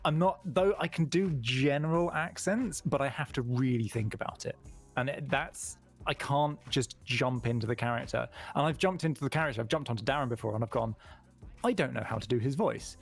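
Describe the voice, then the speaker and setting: Gravelly man, chatty guest. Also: mid-range voice, a little fast, faint music behind. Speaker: podcast guest. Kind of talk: casual podcast chat.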